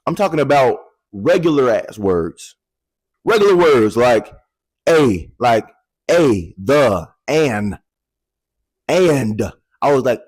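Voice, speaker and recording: A man in his twenties speaks straight to the camera, telling a personal story in an animated, candid way and swearing casually. His voice is mid-range, his pace slow, and there's no echo.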